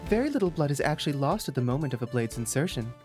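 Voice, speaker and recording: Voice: medium pitch, very animated, a little mellow, faint music behind, lightly acted. Someone playing a cold, haughty young prosecutor woman. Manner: cold, condescending, measured.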